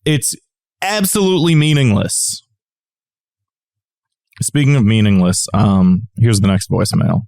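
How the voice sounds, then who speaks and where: A man's voice: lowish voice, unhurried, creaky, long pauses, darkish tone. A man co-hosting a podcast in casual chat, rambling into exasperated, profane rants. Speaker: podcast co-host.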